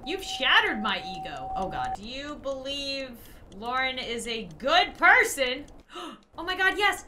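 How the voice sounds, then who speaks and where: Jumpy, excitable young woman gamer. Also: sits high, unhurried, hardly any pauses, very noisy. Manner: jumpy, exclaims and talks to viewers. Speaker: gaming video host. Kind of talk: let's play commentary. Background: game music.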